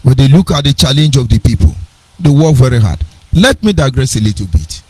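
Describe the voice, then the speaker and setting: A man's voice: medium pitch, big pitch swings, brisk, darkish tone, breathy edge, dry recording, rough recording. A middle-aged man with a Nigerian accent, giving an earnest personal storytelling talk on a radio program, digressive and with sing-song emphasis.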